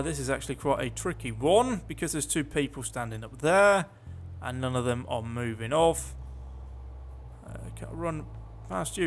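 A man's voice: a little high, a bit bright, a little hiss or hum. A man giving casual, sarcastic commentary while playing a video game, talking to himself. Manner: chatty, sarcastic, muttering to himself. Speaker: gameplay commentator. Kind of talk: casual let's play commentary.

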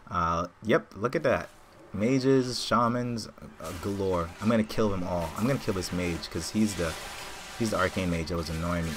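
A man hosting his own gaming channel, rambling through excited live commentary and trash-talking opponents as he plays. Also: deep voice, moderate pace, a little hiss or hum.

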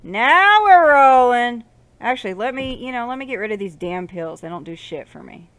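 A woman casually commenting while she plays a game, swearing and muttering to herself, with loud outbursts in between. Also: medium pitch, expressive, fast, no room sound. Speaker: gaming channel host. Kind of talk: casual let's-play commentary.

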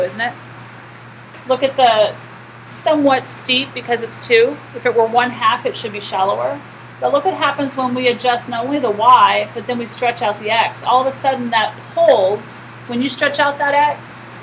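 A woman's voice: fairly high pitch, a little hiss or hum, low-quality recording. A woman teaching a math class, lecturing and asking the students questions she often answers herself.

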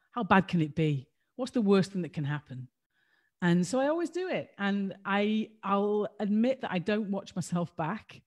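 A woman's voice: mid-range voice, animated, a little slow. A woman co-hosting a livestream, talking candidly and self-deprecatingly in a rambling way over a video call. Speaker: co-host.

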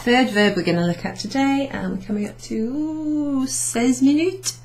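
A woman's voice: on the high side, animated, normal speed, background noise. Chatty woman teaching beginner French. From Wales. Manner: chatty, self-correcting, switching between French and English, light laughs. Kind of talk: recorded class summary lesson.

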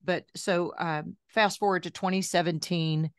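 A talkative woman in her sixties with a fairly low voice tells her story as an interview guest. She chats in a lively way and slips in asides. Her voice sounds dry and close, with no room around it. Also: unhurried, dry recording. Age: 60s. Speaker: guest, journalist and health coach.

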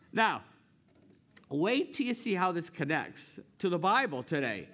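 A male pastor telling a rambling, animated story in his sermon, full of restarts and asides. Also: high voice. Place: church sanctuary.

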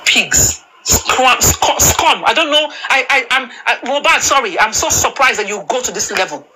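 A woman's voice: fairly high pitch, lively intonation, brisk, bright, forceful tone, rough recording. A woman delivering a furious, insulting rant on a live video panel, stammering and repeating herself as she talks over a phone mic. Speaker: panel speaker. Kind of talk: angry live-stream rant.

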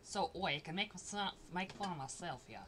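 A woman's voice: fairly low pitch, animated, brisk, heavy background noise. A woman hosting a casual stream from her home, joking and teasing in a playful way. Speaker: streamer and host. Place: home room, noise from upstairs.

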